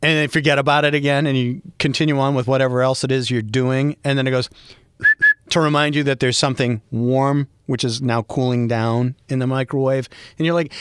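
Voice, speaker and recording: A man's voice: medium pitch, smooth, no room sound. Rambling Boston man, dry close sound. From Boston area, USA. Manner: rambling, animated, joking asides. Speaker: podcast host. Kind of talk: casual solo monologue.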